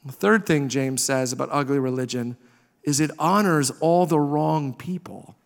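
A man's voice: fairly high pitch, moderate pace, creaky. A man preaching a sermon as pastor, emphatic and repetitive in his rhetoric. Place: church sanctuary. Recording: reverberant hall.

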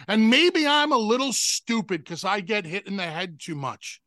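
A man's voice: sits high, very animated, bright, forceful tone, no room sound, clean studio sound, exaggerated voice. A man doing a wrestling promo as an aggrieved male wrestler, delivered in a sarcastic, questioning tone. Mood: accusing. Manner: sarcastic questioning tone, slow and pointed.

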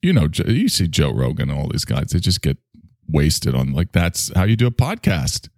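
A man's voice: rumbling low, very animated, moderate pace, gravelly, no room sound, studio quality. A man hosting a solo podcast, rambling in a sardonic, self-mocking way with frequent sighs. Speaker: podcast host.

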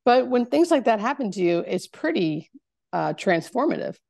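A woman, a hospice nurse, telling a personal story in a podcast interview, halting and searching for words with many fillers. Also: a little high, very animated, gravelly, darkish tone, dry recording, studio quality.

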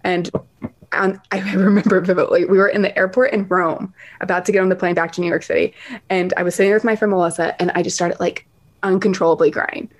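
A woman guest on an interview, chatting casually and full of "like" and "um" as she recounts her experiences with animated retelling. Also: fairly low pitch, quick pace. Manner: chatty, filler-heavy, animated retelling with lots of "like" and "um". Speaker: guest, dog rescuer and children's author.

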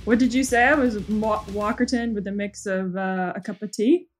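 A woman's voice: medium pitch, fairly even intonation, moderate pace, soft background music. A woman with a Canadian accent tinged with Australian and British sounds, chatting as a guest in a giggly, easygoing way. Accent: Canadian with Australian and British touches. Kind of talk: casual podcast chat. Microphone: remote call.

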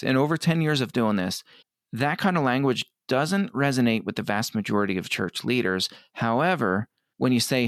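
Guest, male, middle-aged, earnest and direct, gravelly, dry mic. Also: medium pitch, no room sound. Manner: earnest, quotes others in quick asides. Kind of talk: conversational interview.

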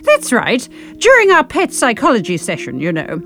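A woman narrates a comic first-person audiobook with a wry, self-justifying edge. Her lively voice rises and falls expressively and sits a little on the high side. Faint music plays in the background. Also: moderate pace.

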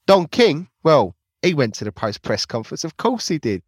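A man's voice: a little high, very animated, normal speed, dry recording, clean studio sound. A man co-hosting a boxing show, blunt and chatty, mixing his own asides with the story. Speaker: podcast co-host. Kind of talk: casual boxing chat.

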